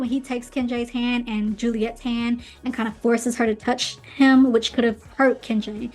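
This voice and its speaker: On her own podcast, a woman gives casual, opinionated commentary recapping a book series, full of playful asides. Her voice is on the high side with a darkish tone and fairly even intonation, at normal speed with hardly any pauses, over faint background music.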